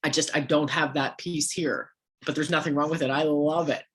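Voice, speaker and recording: A woman with a hoarse, worn-out voice giving a motivational coaching talk to a sales team, firing off rhetorical questions at her listeners. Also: low-pitched, fairly even intonation, normal speed, fairly bright tone.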